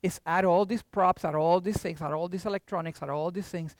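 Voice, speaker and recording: An older preacher giving a lively sermon, shifting between hushed asides and loud bursts. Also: mid-range voice, fairly quick, no room sound, clean studio sound. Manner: animated, jumps from hushed to loud.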